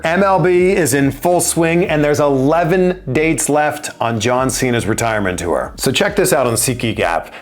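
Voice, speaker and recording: A man hosting an interview show, asking relaxed questions and delivering an upbeat sponsor read. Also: on the high side. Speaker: interview host.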